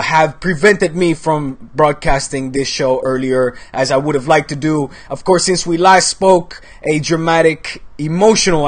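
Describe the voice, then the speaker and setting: A man in his thirties from the Netherlands, hosting a football show in casual, rambling chat full of fillers and swearing, with a cold. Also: medium pitch. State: has a cold.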